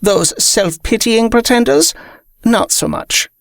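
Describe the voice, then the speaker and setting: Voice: medium pitch, lively intonation, slow, vocal fry, dry recording, studio quality, voice pushed up. A reader voicing a haughty, predatory female vampire with a disdainful drawl.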